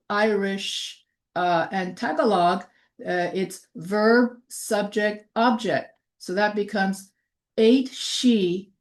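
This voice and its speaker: A middle-aged woman lecturing to camera in an unhurried, deliberate way. She often pauses on fillers and restarts her sentences as she goes. Her voice sits at an ordinary middle pitch. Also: a little mellow. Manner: halting, with frequent fillers and restarts. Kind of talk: recorded lecture.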